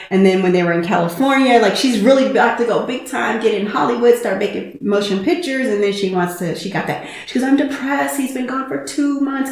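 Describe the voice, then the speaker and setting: Animated woman in an echoey room. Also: on the low side. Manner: animated, acts out movie scenes in quoted voices. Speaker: podcast co-host. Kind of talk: casual movie review chat.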